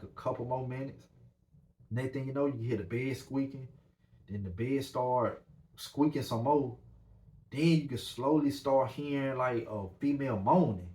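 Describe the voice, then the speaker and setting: A man's voice: medium pitch, normal speed. Rambling man telling a story. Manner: animated, rambling with many fillers. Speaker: podcast host. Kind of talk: casual storytelling. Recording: roomy echo.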